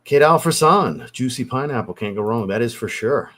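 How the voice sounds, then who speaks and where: A man's voice: mid-range voice, lively intonation, normal speed, a bit bright. A man hosting a casual livestream, reading out viewer chat and answering in a teasing, blunt way with casual swearing.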